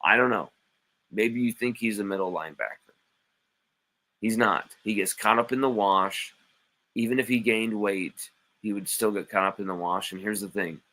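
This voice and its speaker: A man's voice: on the low side, normal speed, pushed and bright, rough recording. A man hosting a live sports stream, reading chat comments aloud and arguing back with playful mock indignation.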